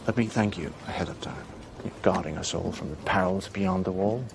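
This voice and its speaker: A smug, sarcastic knight speaks English with traces of a Danish accent. His voice is low and gravelly. There is loud background noise around him. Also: a little fast. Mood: mocking.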